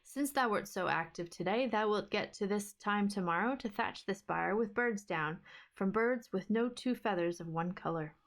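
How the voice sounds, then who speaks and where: A woman voicing a demanding male giant who speaks in slow, old-fashioned thou-speech, read from a fairy-tale book. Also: mid-range voice, lightly acted.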